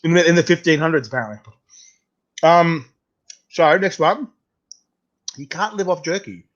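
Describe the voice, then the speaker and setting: A man's voice: fairly high pitch, animated, moderate pace. A man with an Australian accent hosting a casual chat, laid-back and talkative, often saying "mate" and restarting his sentences. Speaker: host. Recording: muffled lo-fi sound.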